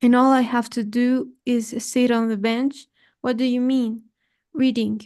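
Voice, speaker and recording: A woman's voice: on the high side, level tone, measured pace, darkish tone. A woman learning English in a tutoring session, reading sentences aloud carefully and hesitantly. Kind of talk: lesson practice.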